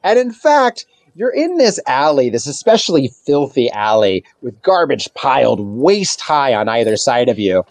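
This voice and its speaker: A man's voice: medium pitch, sing-song, normal speed, few pauses, no room sound. A man narrating as game master of a tabletop game, rambling with lots of fillers.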